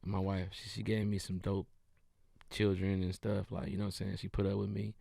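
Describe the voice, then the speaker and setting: A man's voice: low voice, monotone, a little fast, vocal fry, dry recording, studio quality. A man in his thirties from Detroit, a comedian guest in a casual interview chat, talking in a laid-back, rambling way. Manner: laid-back, rambling, bursts into loud laughing shouts.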